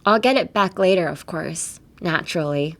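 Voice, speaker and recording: A woman's voice: mid-range voice, animated, racing, a little mellow, close to an everyday voice. A woman reading the lines of a flustered teenage boy from an anime, explaining himself defensively. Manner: defensive, stammering.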